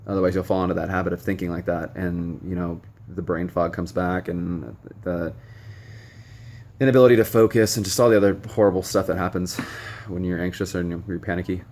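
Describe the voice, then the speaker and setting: A man's voice: low voice, steady tone, fairly quick, a little mellow, a little hiss or hum. A young man vlogging recovery advice in a frank, rambling way with many ums and some blunt swearing. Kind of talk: casual direct-to-camera monologue. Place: noisy room with stray tapping and beeping.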